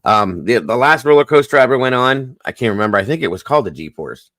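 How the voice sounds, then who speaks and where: Lively man hosting a live stream chat. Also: mid-range voice, fast, no echo. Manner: animated storytelling, swears lightly.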